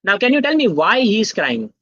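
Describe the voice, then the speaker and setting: A man's voice: sits high, sing-song, moderate pace, a bit bright, no echo. A young man gives a live online lesson and keeps pulling the chat into the discussion. He constantly checks in with "okay?" as he explains. The sound is dry and a little muffled, like a computer mic on a video call. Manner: interactive, quizzes the chat, tags sentences with "okay?". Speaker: guest speaker at a student tech workshop. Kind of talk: live online teaching session.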